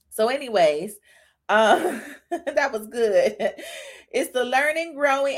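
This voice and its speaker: A woman hosting a casual devotional talk, talking straight to her listeners and growing emotional. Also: a little high. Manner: conversational, asks listeners "y'all" and "right?", grows emotional. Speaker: podcast host giving a devotional talk.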